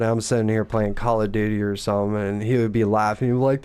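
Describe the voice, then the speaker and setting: A man's voice: lowish voice, little pitch movement, fast talker, few pauses, darkish tone, smooth. A man and father, co-hosting a casual gaming chat, rambling and profane, acting out the lines people said. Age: adult father. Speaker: gaming podcast co-host.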